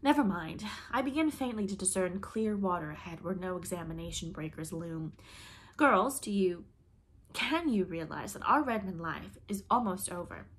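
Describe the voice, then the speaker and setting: A woman's voice: on the low side, lively intonation, normal speed, a bit bright. A woman reading the part of a playful, dramatic young college woman who complains theatrically.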